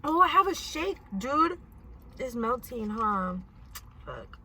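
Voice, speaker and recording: A young woman tells a story in a casual chat, her voice bright and a little high. She swears freely and keeps laughing as she goes. A faint hum of the room sits behind her. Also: big pitch swings, slow. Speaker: host. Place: indoors at home, eating.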